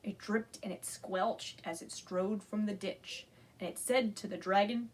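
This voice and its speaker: Librarian woman reading storytime aloud, slow and animated, slightly husky. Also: medium pitch. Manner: animated, asks children to join in. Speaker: children's librarian. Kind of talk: reading a picture book aloud.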